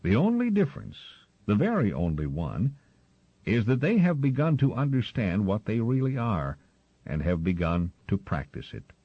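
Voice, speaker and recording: Man doing wise male gull teacher, firm and earnest, husky voice with lively ups and downs, muffled recording. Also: on the low side, normal speed, no room sound, exaggerated voice.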